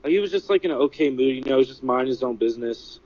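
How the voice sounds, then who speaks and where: A man telling what he witnessed in a casual livestream, halting and full of "like" and "you know". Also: mid-range voice, expressive, a little mellow, highs cut off. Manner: halting, filler-heavy, many "like" and "you know". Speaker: eyewitness recounting an event. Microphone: phone.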